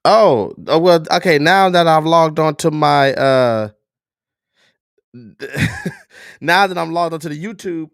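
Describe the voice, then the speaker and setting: A man's voice: on the high side, a bit bright, smooth, dry recording, clean studio sound. A man with a stuffy nose hosting a casual livestream, talking straight to his viewers. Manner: chatty, talks straight to viewers, restarts and fillers. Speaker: livestream host.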